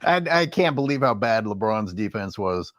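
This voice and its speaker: A man's voice: fairly low pitch, animated, normal speed, dry recording. A man co-hosting a sports rant livestream, talking in a sarcastic, stammering ranting manner. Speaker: co-host.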